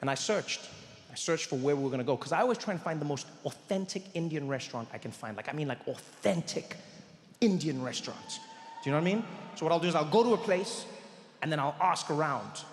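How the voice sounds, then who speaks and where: A middle-aged man from Africa, telling a stand-up story with animated confidence and bursts of loud emphasis at a live show. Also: a little high, quick pace, slight background noise. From South Africa. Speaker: stand-up comedian. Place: large live venue. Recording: live show with long hall reverb.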